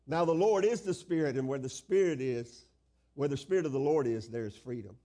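Man, pastor, emphatic sermon, mellow dark tone, slightly raised pitch. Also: sing-song. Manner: emphatic preaching, drawn-out phrases, asks the congregation questions.

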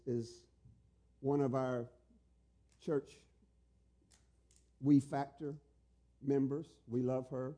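This is a middle-aged man delivering a sermon in a high voice with a mellow, dark tone. He preaches emphatically, climbing into loud pleading questions and then dropping to a hushed, tender delivery. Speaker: pastor.

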